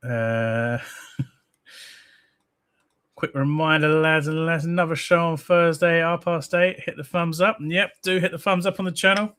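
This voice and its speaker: A man's voice: a little high, a little slow, a bit bright, clear, resonant tone. Man hosting a casual football live stream; rambling, chatty, reads viewers' comments aloud. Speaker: host of a football fan channel.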